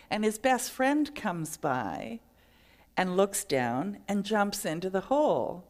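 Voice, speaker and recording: A woman's voice: mid-range voice, very animated, takes it slowly, darkish tone. A middle-aged woman minister giving a sermon, telling stories and acting out the voices in them. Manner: storytelling, acts out quoted voices.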